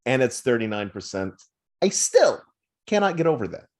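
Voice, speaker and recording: A man's voice: medium pitch, normal speed. A man co-hosting a film podcast, talking emphatically and teasing his co-host. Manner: animated, emphatic, playful teasing. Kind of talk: casual film podcast chat.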